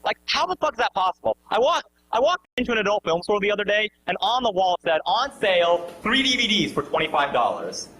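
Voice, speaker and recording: A man's voice: sits high, sing-song, fast, hardly any pauses, pushed and bright. A man doing self-deprecating stand-up comedy in a comedy club, bantering with the audience. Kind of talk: stand-up comedy with crowd work. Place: comedy club stage before a live audience. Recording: echoey live club with audience laughter.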